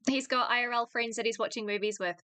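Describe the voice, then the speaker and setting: A woman's voice: fairly high pitch, fairly even intonation, quick pace, over a noisy crowd. A woman hosting a casual livestream reaction chat, crude and teasing, laughing often as she talks over a video. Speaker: streamer host.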